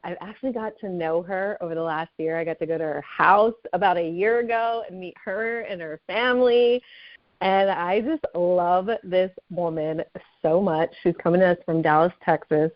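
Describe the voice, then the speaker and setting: Enthusiastic female call host, slightly low voice, muffled dry audio. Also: fairly even intonation, moderate pace, dry recording. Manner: bubbly, enthusiastic. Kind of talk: hosting a team call.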